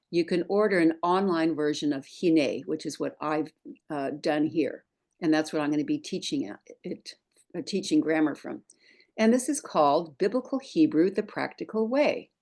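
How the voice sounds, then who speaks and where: A middle-aged woman teaching a patient, deliberate lesson over a screen share, spelling things out step by step. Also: low voice, darkish tone. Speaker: Hebrew teacher.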